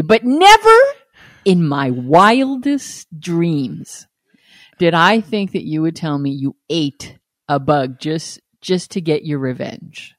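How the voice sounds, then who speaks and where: A woman's voice: deep voice, very animated, slow pace, dry recording, clean studio sound. A woman co-hosting a podcast in casual chat, teasing her friend and laughing often. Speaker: podcast co-host.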